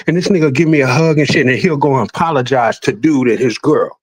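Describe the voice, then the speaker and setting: A man's voice: medium pitch, fast talker, breathy edge, no room sound, low-quality recording. A man chatting as a podcast guest, telling stories in a streetwise, profane way and acting out the people he quotes. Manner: animated storyteller, acts out quoted voices. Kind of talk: casual podcast chat.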